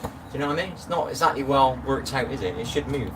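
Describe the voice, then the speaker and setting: A man's voice: medium pitch, lively intonation, fast talker. A middle-aged man chatting casually on a live stream, rambling and greeting viewers by name. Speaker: livestream host. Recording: distant phone mic with noise.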